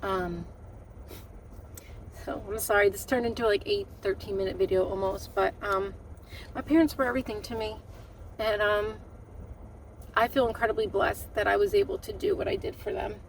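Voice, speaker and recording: A middle-aged woman vlogging, recounting a painful family story with emotion, halting and often restarting her sentences. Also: mid-range voice, recorded from a distance, a little hiss or hum, poor audio. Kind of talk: personal storytelling to camera.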